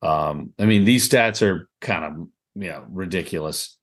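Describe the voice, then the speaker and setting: A man's voice: deep voice, a little slow. A man with a Southern drawl, co-hosting a golf podcast in a rambling, easygoing way with frequent laughs. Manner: rambling, laughs often, lots of "I mean". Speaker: podcast co-host. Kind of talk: casual golf podcast chat.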